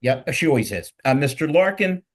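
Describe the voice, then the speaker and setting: Middle-aged male host, Philly accent, rambling and jokey, energetic panel banter. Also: a little high, a little fast. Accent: Philadelphia. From Philadelphia. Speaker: podcast host. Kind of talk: casual panel talk.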